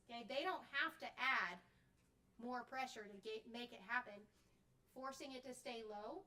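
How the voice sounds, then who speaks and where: Bright, high woman teaching from afar. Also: recorded from a distance, a little hiss or hum. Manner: explains with frequent "okay?" and "right?" checks. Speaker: clinician teaching band directors. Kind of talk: live workshop demonstration. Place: workshop room. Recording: voice from off the mic.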